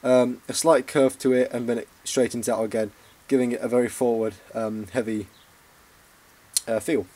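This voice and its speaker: Yorkshire bloke, collector-reviewer, mid-pitched, halting delivery full of ums and restarts, recorded on a camera mic. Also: male voice, level tone, mellow. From Yorkshire, England. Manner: hesitant, frequent ums and self-corrections. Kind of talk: informal hobby review vlog.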